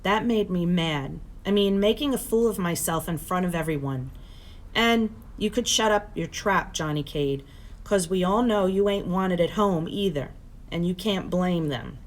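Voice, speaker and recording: A teacher reading a novel aloud to her students in steady, plain storytelling. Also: fairly low pitch, measured pace.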